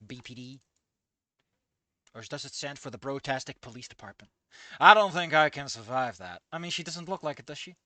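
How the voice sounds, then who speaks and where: A man's voice: mid-range voice, lively intonation, brisk, sharp tone, no room sound. A man reading a fan story aloud and commenting on it, ranting and swearing with stammering restarts. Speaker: fan fiction reader and commentator.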